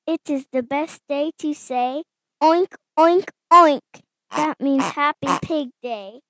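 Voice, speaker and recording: A woman doing a cheery little pig, squealy and high, dry close mic. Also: measured pace, no echo. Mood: excited. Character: cheerful excitable female pig.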